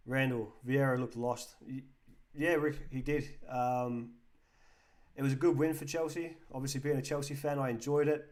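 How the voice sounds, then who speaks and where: A man's voice: medium pitch, fairly even intonation, normal speed, darkish tone. An English man hosting a live football chat stream, casually reading out viewer comments and answering them. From England.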